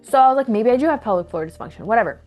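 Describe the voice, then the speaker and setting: A young woman telling a personal story to camera in a candid, animated way, acting out what people said. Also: fairly high pitch, very fast, faint music behind. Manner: candid, animated retelling with acted quotes. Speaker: vlogger.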